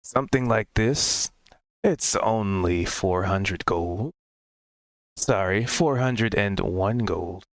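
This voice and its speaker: A shrewd monster merchant with a single toothy maw haggles over his wares in a tabletop game, voiced by a man. The voice sits low and moves slowly, businesslike and dry, close to the mic. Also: no room sound.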